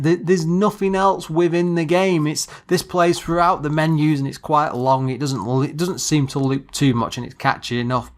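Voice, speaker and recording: A man co-hosting a podcast, casually reviewing an old computer game and often stopping to search for words. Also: a little high. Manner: halting, searching for words with many restarts. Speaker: podcast co-host.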